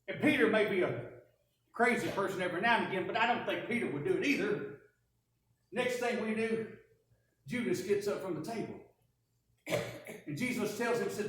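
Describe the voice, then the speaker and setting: A woman preaching a first-person dramatic sermon, telling the story in an animated, wry way. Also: mid-range voice, quick pace. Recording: echoey church from a distance.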